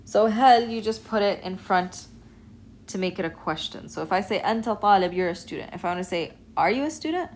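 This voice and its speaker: A woman teaching an Arabic alphabet lesson, explaining and demonstrating sounds in a patient, clear way. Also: fairly low pitch, fairly even intonation, fast talker, a little mellow, poor audio. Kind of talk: recorded online lesson.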